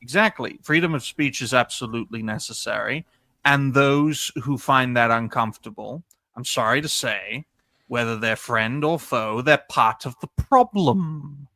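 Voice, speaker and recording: A man's voice: medium pitch, measured pace, pushed and bright, no echo. A man on a podcast panel, arguing his point in an emphatic, lecturing way with lots of repetition. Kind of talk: casual online debate chat.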